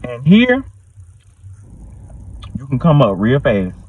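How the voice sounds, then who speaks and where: Southern man from South Carolina with a husky voice, casual and cussing, swinging his pitch wide as he talks in his car. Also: takes it slowly, narrow, tinny audio. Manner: loose, profane, animated storytelling. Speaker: vlogger and delivery driver. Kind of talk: casual chat. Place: inside a car.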